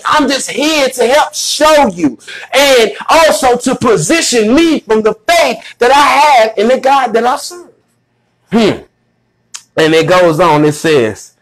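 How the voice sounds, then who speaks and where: High-voiced animated man preaching. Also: low-quality recording. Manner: animated, shouting emphasis, drawn-out phrases; retells scripture in casual slang. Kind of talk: sermon.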